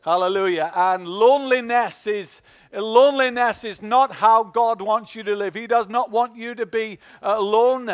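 High-voiced Northern English preacher. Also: male voice, steady tone, moderate pace. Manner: exhorting congregation, many fillers and call-outs. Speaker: pastor. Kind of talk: sermon.

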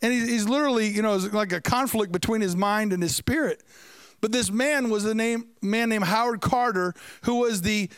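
A man's voice: high voice, moderate pace, clear, resonant tone, dry recording. A man preaching a sermon, telling a story with asides and questions to the congregation.

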